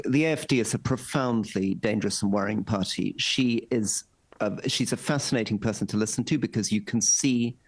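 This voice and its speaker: A low, gravelly male voice gives measured, emphatic analysis as a news studio guest. He builds his argument point by point.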